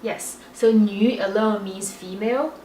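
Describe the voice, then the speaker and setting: A woman's voice: medium pitch, unhurried, warm tone. Patient woman teaching, echoey and distant. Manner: patient, explains step by step, confirms with "right". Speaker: Chinese teacher. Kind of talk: casual language lesson. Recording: roomy echo from far off, background hiss.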